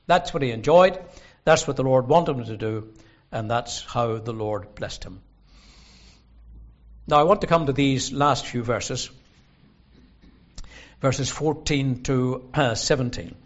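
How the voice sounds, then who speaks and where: Preacher in a dull recording. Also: male voice, on the high side. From Northern Ireland. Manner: earnest, emphatic, slows and stresses scripture quotes. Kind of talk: sermon. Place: gospel hall at a conference.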